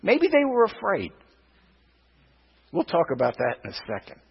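Emphatic preacher with a husky, lively voice. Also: male voice, sits high, moderate pace. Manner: emphatic, repeats words, rhetorical questions. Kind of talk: sermon. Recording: dull, lo-fi sound with long reverb.

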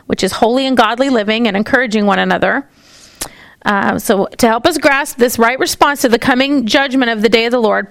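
A woman's voice: on the high side, fairly bright tone, no echo. A woman teaching a Bible study class, checking in with the group often and stopping to find her place in her notes. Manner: checks in often with "okay?" and "all right?"; stops to correct herself and find her place. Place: classroom with a whiteboard.

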